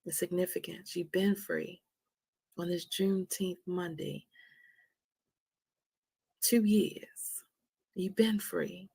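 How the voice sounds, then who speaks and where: A woman hosting a motivational livestream, speaking softly and slowly with a Southern American touch, often dropping to a whisper. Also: on the low side, steady tone, creaky, husky, no echo. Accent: American, Southern country touch. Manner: soft, slow and prayerful, often dropping to a whisper. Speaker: livestream host.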